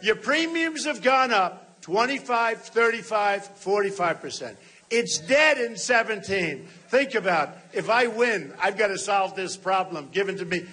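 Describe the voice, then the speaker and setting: A man's voice: sits high, lively intonation, unhurried, sharp tone, breathy edge. A man in his sixties giving an off-the-cuff campaign rally speech to a large hall, emphatic and repetitive, often talking straight to the crowd. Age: 60s. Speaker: political candidate.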